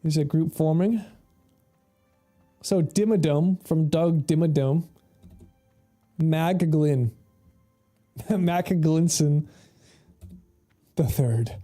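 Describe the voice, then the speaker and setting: Casting: a mellow-voiced, slightly high man as a chatty, foul-mouthed game streamer. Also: slow, long pauses, soft background music. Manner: rambling, laughs often, swears freely. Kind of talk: casual gameplay commentary.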